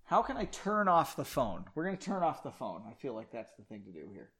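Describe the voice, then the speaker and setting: A man's voice: mid-range voice, huge pitch swings, fairly quick, fairly bright tone, slightly rough. Rambling, swearing man reading aloud. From United States. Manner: rambling, swears and comments between passages. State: drinking whiskey. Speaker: reader of a book. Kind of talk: casual read-aloud with asides.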